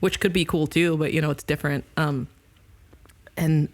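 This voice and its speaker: A woman's voice: deep voice, fairly even intonation, moderate pace. A woman guest on a podcast, chatting over a video call, rambling with lots of fillers and frequent giggles. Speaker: guest musician. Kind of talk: casual interview chat.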